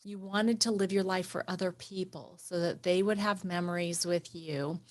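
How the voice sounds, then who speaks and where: A woman hosting a podcast interview, reflecting back her guest's story and asking warm, affirming questions. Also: on the low side, fairly even intonation, normal speed. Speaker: podcast host.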